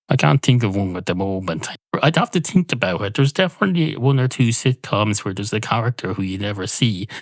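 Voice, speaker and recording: Deadpan rambling comedian. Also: male voice, lowish voice, no echo. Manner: deadpan, musing, digressive. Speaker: podcast host. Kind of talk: rambling comic monologue.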